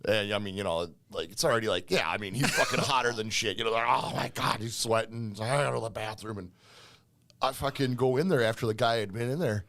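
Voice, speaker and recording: A man's voice: lowish voice, quick pace, a bit bright. A man co-hosting a podcast, laid-back and swearing in casual chat. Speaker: podcast co-host.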